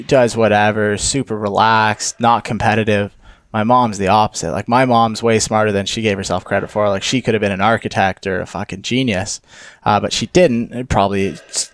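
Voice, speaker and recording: Young man co-host, low-pitched, lively storyteller with a casual mouth, dry studio sound. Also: no echo. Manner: animated storyteller, swears casually. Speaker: podcast co-host.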